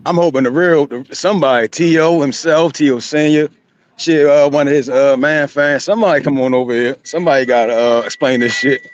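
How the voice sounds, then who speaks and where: A man chatting loosely as a co-host, rambling in a relaxed way. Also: fairly high pitch, a little fast, muffled recording. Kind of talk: casual chat.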